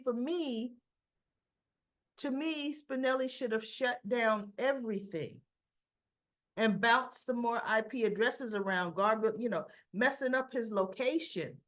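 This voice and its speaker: A talkative woman with a somewhat high voice runs through the latest soap opera plot in a loose, chatty way. She jumps between her own opinions and quoted lines from the scenes. The sound is a bit dull and lo-fi. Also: expressive, a little slow. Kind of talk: casual recap and commentary.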